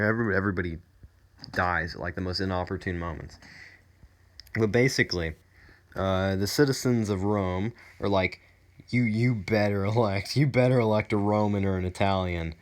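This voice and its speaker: A male student giving a casual, rambling, irreverent spoken summary full of fillers. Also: low-pitched.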